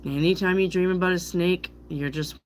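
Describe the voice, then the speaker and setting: A woman's voice: lowish voice, fairly even intonation, moderate pace, a little hiss or hum. A woman tarot reader chatting casually with her viewers on a stream, bawdy and joking, laughing often. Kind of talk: casual live-stream chat.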